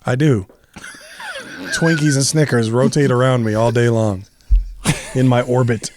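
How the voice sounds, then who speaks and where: A man's voice: medium pitch, measured pace, slight background noise. A man hosting a comedy podcast, bantering casually with co-hosts, laughing often and joking around. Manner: jokey, laughs often, animated. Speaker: podcast host.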